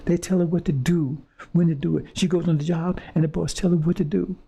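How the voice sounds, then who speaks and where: This man speaks a little fast in a high, dark, husky voice with vocal fry and a steady tone. As a preacher, he hurls an impassioned, confrontational monologue at his audience, repeating phrases and stammering through restarts while he gropes for words.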